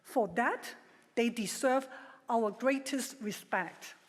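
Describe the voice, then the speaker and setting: A middle-aged woman giving a formal prepared speech at a legal ceremony, measured and emphatic with a touch of dry humor. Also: a little high. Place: large ceremonial hall. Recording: long hall reverb.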